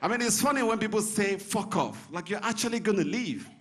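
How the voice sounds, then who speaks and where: A man's voice: high voice, expressive, a little fast, a bit bright, slight background noise. A man from Nigeria performing a stand-up comedy set on stage in a comedy club, teasing the crowd.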